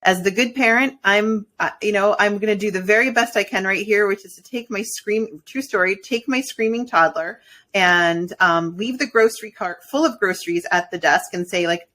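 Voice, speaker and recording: A woman co-hosting a podcast, telling a personal story in a lively, chatty way with quoted asides. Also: mid-range voice, moderate pace. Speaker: podcast co-host. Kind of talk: casual podcast chat.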